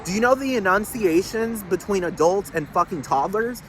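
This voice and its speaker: Young man, rambling casual monologue, heavy swearing, slightly high voice, faint street noise behind. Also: lively intonation, normal speed.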